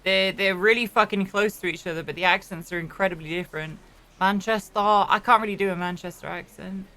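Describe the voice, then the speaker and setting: A woman from South Wales chatting on a roleplay stream, animated and full of swearing. Her voice is bright and forceful. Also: on the low side, fast. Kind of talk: casual roleplay chat.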